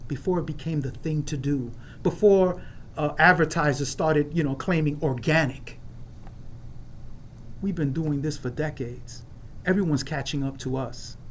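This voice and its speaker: A man's voice: fairly high pitch, a little hiss or hum. A man from New York giving an earnest personal share at an online recovery meeting, repeating phrases for emphasis. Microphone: video call.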